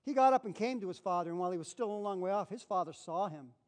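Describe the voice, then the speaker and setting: An animated man preaches a sermon quickly in a fairly high voice. He acts out the characters in his story and repeats phrases for emphasis.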